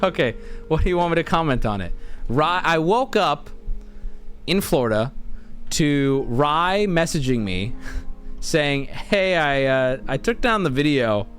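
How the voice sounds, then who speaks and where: A man's voice: on the high side, expressive, measured pace, fairly bright tone, soft background music. An American man in casual stream chat, talking in a rambling, laid-back way. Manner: rambling, laid-back, often restarts and laughs mid-sentence.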